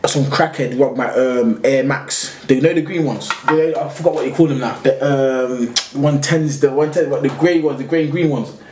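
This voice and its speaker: Here a podcast guest from London works through a long story at a moderate pace and medium pitch. The chat is casual, slangy and meandering, delivered with animation in an echoey space carrying faint noise.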